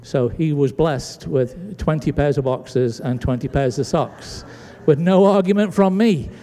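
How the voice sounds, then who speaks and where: At a measured pace and in a slightly high voice, a pastor from Britain preaches, vividly acting out the dialogue of people in his story. He speaks in a church sanctuary, with long hall reverb on the recording.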